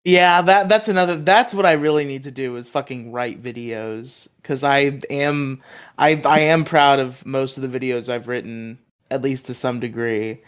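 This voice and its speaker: A man's voice: mid-range voice, normal speed, smooth. A man co-hosting a casual podcast chat, stammering through restarts and laughing often. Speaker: podcast co-host.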